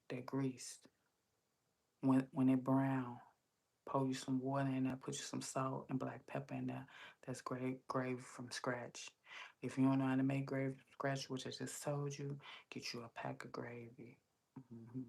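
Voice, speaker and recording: Low husky-voiced woman chatting on a livestream. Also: a little mellow. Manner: chatty storytelling, talks straight to viewers. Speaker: livestream host. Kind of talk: casual livestream chat.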